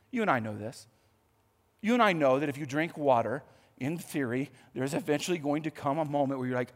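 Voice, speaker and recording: A male pastor preaching a sermon in a church, telling the story in an animated, conversational way with asides. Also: medium pitch, normal speed. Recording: long hall reverb.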